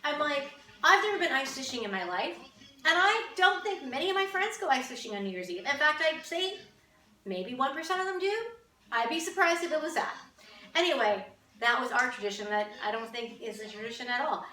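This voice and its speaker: A woman's voice: high voice, expressive, fairly quick, bright, forceful tone, reverberant, far from the mic, low-quality recording. Chatty, wry Canadian woman vlogging. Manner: chatty, wry, amused asides. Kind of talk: casual chat to camera.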